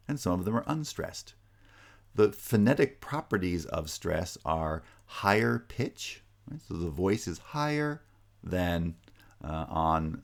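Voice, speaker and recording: A male lecturer with a very low voice that grinds into vocal fry at the ends of phrases. He explains each point step by step, often pausing on "uh" and restarting his sentences. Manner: explanatory, frequent "uh" fillers and restarts. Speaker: linguistics lecturer. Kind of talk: recorded online lecture.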